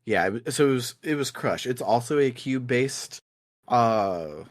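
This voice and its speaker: A man co-hosting a podcast, chatting casually about video games in a relaxed, rambling way and laughing often. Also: mid-range voice, normal speed, no echo, studio quality. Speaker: podcast co-host.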